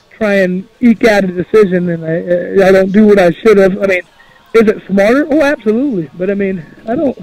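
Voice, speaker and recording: A man's voice: high-pitched, darkish tone, no room sound, low-quality recording. A man from Indiana who is a retired fighter, answering questions on a radio show in a plain-spoken, rambling way. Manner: plain-spoken, rambling, quotes others in his own voice. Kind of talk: casual radio interview.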